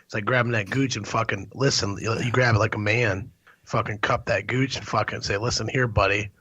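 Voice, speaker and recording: A man's voice: lowish voice, fairly even intonation, fairly quick, bright, forceful tone, slightly rough, no room sound. A man co-hosting a podcast, telling rowdy, profane stories in casual chat. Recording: dull lo-fi mic.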